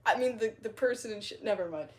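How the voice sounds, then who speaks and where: A woman's voice: mid-range voice, animated, fast talker, darkish tone, slight background noise. A woman livestreaming who reads viewers' comments aloud, laughing often, swearing freely and rambling to excuse herself. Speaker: livestreamer reading chat comments. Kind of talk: casual livestream chat.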